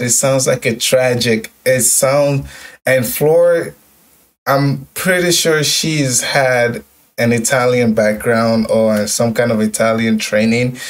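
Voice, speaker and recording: Reacting to music on video, a young host gets emotional, repeats phrases, and keeps saying "yo" and "like" in casual commentary. His mid-range voice sounds far from the mic.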